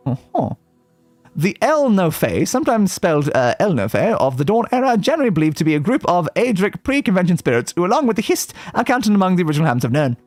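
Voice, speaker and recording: A man streaming a game reads the in-game lore aloud in a high voice that rises and falls with great liveliness. He keeps stopping to joke, correct his pronunciation and laugh at tricky words. Soft music plays behind him. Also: dry recording. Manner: reads aloud with playful asides and self-corrections; stumbles on words and laughs at them. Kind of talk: casual livestream reading aloud.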